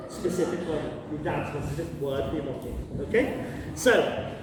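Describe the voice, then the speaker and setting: A man leading a playful lesson for children, drawing out tones in an animated teacherly way. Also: a little high, fast. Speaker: workshop leader teaching Cantonese greetings. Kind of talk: lively lesson for children and families. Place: large gallery hall with crowd. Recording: echoey hall, recorded from far off. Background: crowd of listeners.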